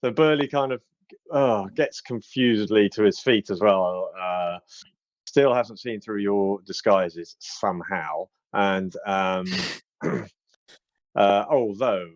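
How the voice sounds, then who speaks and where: A man narrating as game master in a relaxed, hesitant way. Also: fairly low pitch, takes it slowly, dry recording, highs cut off. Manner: relaxed, hesitant, with many fillers.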